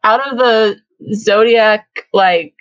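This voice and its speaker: A woman's voice: medium pitch, steady tone, takes it slowly, no room sound, dull audio. A young woman hosting a casual fan podcast, chatty and giggly, with lots of fillers. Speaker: podcast host.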